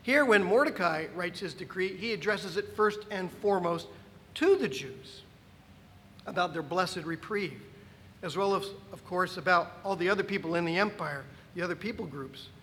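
A man preaching a sermon as pastor, emphatic and animated, with dry asides. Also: high voice, moderate pace, big-room sound, a little hiss or hum.

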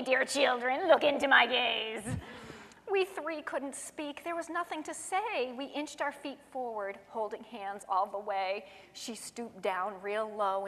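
A woman reading her own rhyming children's poem aloud in a sing-song, expressive way. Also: fairly high pitch, in a large hall.

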